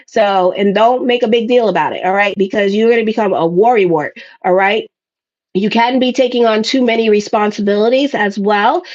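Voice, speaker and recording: A woman's voice: on the high side, highs cut off. A middle-aged woman astrologer giving a casual, rambling monthly horoscope reading, chatty and playful, sometimes slipping into little character voices.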